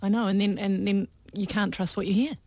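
A woman, trading quick, amused banter as a radio guest. She talks fast and sounds dry and close. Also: medium pitch, steady tone, darkish tone, no room sound. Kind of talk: casual radio chat.

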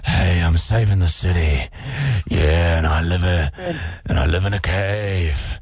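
Kiwi guy doing a gravelly slow superhero, boasting, voice dropped way down. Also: darkish tone, dry recording. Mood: growling. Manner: slow, low, growled. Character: gruff male caped crusader, boastful.

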